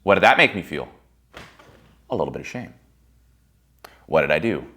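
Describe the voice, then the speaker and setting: Deep-voiced man telling blunt stories. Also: very animated, moderate pace. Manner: blunt, swears freely, swings between loud bursts and quiet musing. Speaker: speaker giving a personal-growth monologue. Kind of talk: candid storytelling monologue.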